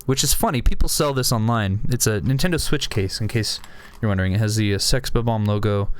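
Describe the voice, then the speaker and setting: With a fairly low, smooth voice and a brisk pace, a young man with a sore throat talks casually from his desk at home about the items he collects. His rambling is full of restarts and fillers.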